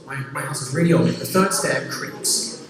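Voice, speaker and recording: A man's voice: on the high side, normal speed, a crowd in the background. A young man performing stand-up, telling a rambling, self-mocking story full of restarts, recorded in a comedy venue. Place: comedy venue with a laughing audience. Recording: roomy hall audio from far off, loud audience noise.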